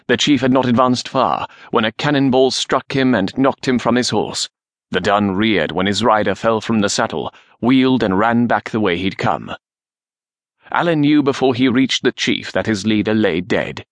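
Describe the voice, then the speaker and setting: A man narrating a historical novel in a measured, steady reading. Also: mid-range voice, no room sound. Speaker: audiobook narrator.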